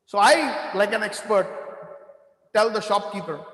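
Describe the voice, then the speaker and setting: High-voiced man telling stories in an echoey hall. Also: unhurried. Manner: lively anecdotal storytelling with quoted Hindi phrases. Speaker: temple storyteller. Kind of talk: devotional storytelling talk. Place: temple hall. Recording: echoey hall with long reverb.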